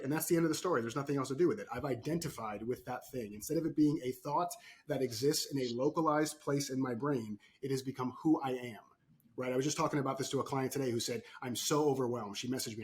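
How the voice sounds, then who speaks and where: Brief: mid-pitched male coach, animated storyteller, podcast guest. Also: fast talker. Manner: animated storytelling, frequent "right?" tags. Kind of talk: podcast interview.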